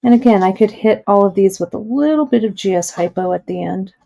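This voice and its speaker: A woman's voice: mid-range voice, a little fast, vocal fry, dark tone. A woman hosting a live jewelry-making demonstration, chatting encouragingly and thinking aloud as she works.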